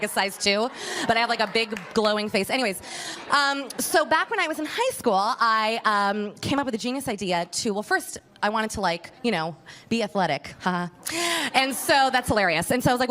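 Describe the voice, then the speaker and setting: A woman from Miami, likely in her thirties, doing a stand-up set. Her voice is bright and a touch high, and her talk runs fast and gossipy. She teases the crowd and breaks into laughs mid-line. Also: animated. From Miami, USA. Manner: chatty, gossipy, banters with the crowd. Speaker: stand-up comedian.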